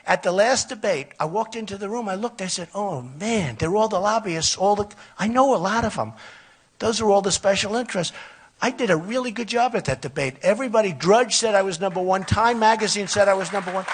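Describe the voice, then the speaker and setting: An older man speaks at a campaign rally through a podium microphone. His voice is husky and sits high for a man, and he rambles, circling back over his points again and again. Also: brisk. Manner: rambling, repetitive, conversational boasting. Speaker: political candidate. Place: outdoor or hall rally.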